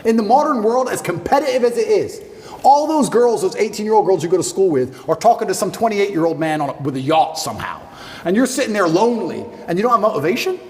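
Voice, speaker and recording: Male interview guest, thirties, high-pitched, rapid, emphatic, long room reverb. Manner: forceful, rhetorical questions, lively delivery.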